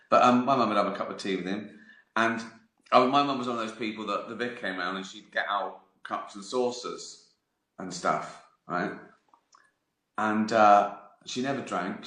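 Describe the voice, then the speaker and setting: A man's voice: fairly low pitch, a bit bright. A man in his fifties hosting his own live stream, telling rambling anecdotes with frequent laughs and free swearing. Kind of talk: casual storytelling chat. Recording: roomy echo.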